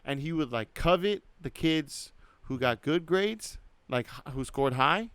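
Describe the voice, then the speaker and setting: A man in his thirties with a smooth, clear voice, recorded dry and close with no room sound. He rambles through a story in loose podcast chat, leaning hard on "like" and swearing freely. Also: on the high side, expressive, unhurried, a bit bright, no room sound. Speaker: podcast co-host.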